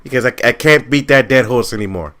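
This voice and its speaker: A man's voice: mid-range voice, fast talker, fairly bright tone. A man co-hosting a casual podcast, dry and laid-back, cursing now and then. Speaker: podcast co-host. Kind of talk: casual chat.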